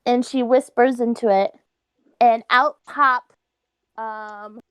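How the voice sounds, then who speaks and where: A woman playing a tabletop game, soft-spoken and hesitant, sometimes dropping into a whisper as her character. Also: on the high side, steady tone, slow pace, clean tone, no room sound. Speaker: player. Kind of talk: tabletop game role-play.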